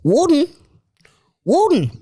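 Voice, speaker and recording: A man voicing a gruff Australian prison bloke in a put-on Australian accent. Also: very high voice, wildly swooping pitch, takes it slowly, mellow, voice pushed up, heavily acted.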